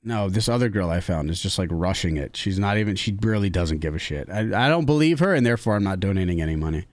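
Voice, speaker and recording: Lively young podcast host, crude and jokey. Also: male voice, deep voice, fast talker, no room sound, studio quality. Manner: crude, joking, lively delivery. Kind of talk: casual podcast banter.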